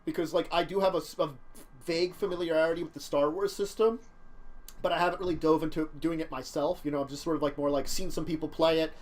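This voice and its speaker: A man's voice: a little high, fairly even intonation, fast. A man in his thirties from near Philadelphia, hosting a casual tabletop gaming chat, rambling and correcting himself with frequent laughs. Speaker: show host.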